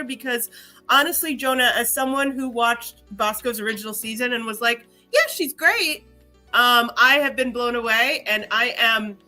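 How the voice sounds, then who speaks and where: Woman, reaction podcast co-host, enthusiastic, emphatic, very bright tense voice, faint music. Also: on the high side, rough recording. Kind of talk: casual reaction chat.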